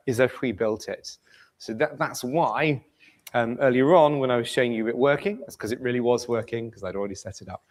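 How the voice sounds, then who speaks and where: A man presenting a live software demo at a community meetup, relaxed and chatty, asking the audience questions. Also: mid-range voice, rough recording. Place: meeting room in front of an audience.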